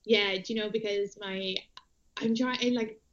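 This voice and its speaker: A woman's voice: mid-range voice, fairly even intonation, unhurried, a bit bright, dull audio. An Irish woman co-hosting a casual podcast chat over a video call, laid-back and slangy, often poking fun at herself. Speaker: podcast co-host.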